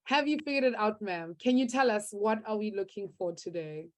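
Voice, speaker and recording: A woman's voice: medium pitch, animated, brisk. A young woman teaching a live online maths class, upbeat and encouraging as she reads out students' answers from the chat.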